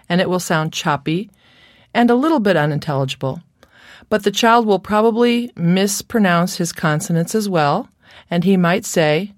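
A woman's voice: on the low side, normal speed, no echo, studio quality. A middle-aged woman speech therapist giving an instructional lecture, modeling a child's speech errors as she goes.

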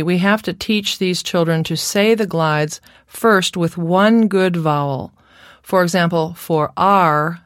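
A woman delivers a scripted lesson on speech therapy at an unhurried, deliberate pace. Her voice sits low. The recording is dry and close, with no room sound. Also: clean tone, dry recording. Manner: slow, careful, demonstrates sounds. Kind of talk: scripted instructional narration.

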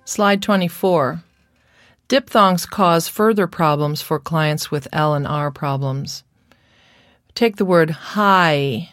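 Slow, low-voiced woman narrating a lesson. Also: fairly bright tone, dry recording, studio quality. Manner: slow, careful, demonstrates sounds. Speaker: speech therapy lecturer. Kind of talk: scripted instructional narration.

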